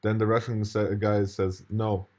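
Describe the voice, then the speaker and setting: Guy ranting while he plays a clip, kinda low voice, rambling and swearing. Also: flat delivery, a little slow, darkish tone. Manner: indignant, rambling, profane, with restarts and laughs. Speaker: commentator reacting to a video. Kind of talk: casual video commentary.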